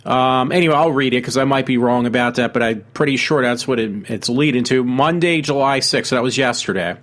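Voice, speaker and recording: Man, show host, casual commentary, halting, lots of fillers and restarts, middle pitch. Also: fairly bright tone.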